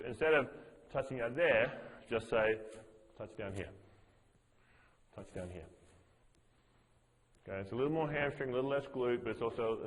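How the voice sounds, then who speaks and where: With a medium-pitched voice, this man leads a group workshop as a fitness master trainer, explaining each movement in steps and going over his cues again. The audio is poor, with a long reverb tail.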